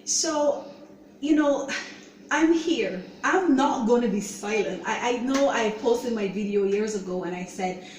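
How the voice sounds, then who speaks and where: A woman's voice: on the high side, lively intonation, darkish tone, slight background noise. Earnest woman in a roomy echo. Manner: earnest, halting, leans on "you know". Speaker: show host sharing her own story. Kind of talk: personal testimony talk. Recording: roomy echo, voice distant from mic.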